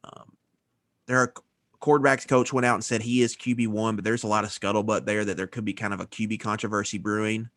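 A man's voice: lowish voice, flat delivery, brisk, a bit bright, dry recording, studio quality. Matter-of-fact man on a sports podcast. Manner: matter-of-fact, rattles off notes. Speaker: podcast co-host. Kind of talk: casual sports chat.

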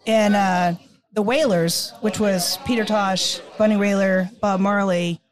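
A woman's voice: mid-range voice, fairly even intonation, measured pace. A woman co-hosting a casual podcast, explaining music history at length in a knowledgeable way, with frequent fillers. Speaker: podcast co-host.

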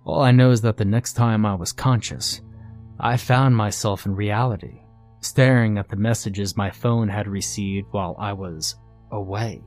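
A man narrating a first-person horror story in a tense, measured, scripted way. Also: fairly low pitch, steady tone, a little mellow, soft background music.

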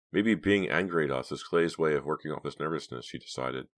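A man narrating an audiobook in a measured, steady reading voice. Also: a bass voice. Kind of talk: scripted narration.

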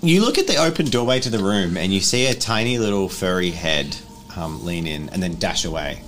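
A man narrating as game master of a tabletop role-playing game, with steady, descriptive narration. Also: low-pitched, a little fast, background noise.

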